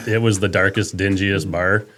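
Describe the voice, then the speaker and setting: A man's voice: deep voice, steady tone, a little slow, a crowd in the background. A man, a fruit grower as podcast guest, telling stories in a laid-back casual chat.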